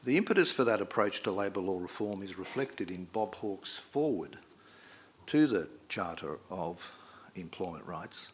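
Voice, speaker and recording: A middle-aged man, delivering a measured, formal prepared speech at a debate. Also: deep voice, sing-song. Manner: measured, reads quotations aloud with emphasis. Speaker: debate speaker.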